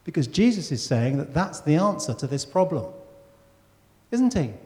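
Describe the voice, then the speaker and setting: A man's voice: fairly high pitch, sing-song, normal speed, darkish tone. A man preaching a sermon to his church, talking conversationally and asking the congregation questions. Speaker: pastor. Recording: church hall with long reverb.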